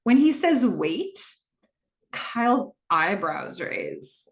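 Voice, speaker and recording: A woman's voice: medium pitch, animated, takes it slowly, roomy sound. A woman hosting a podcast, casually recapping a TV episode, narrating scenes and reading out the dialogue. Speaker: podcast host.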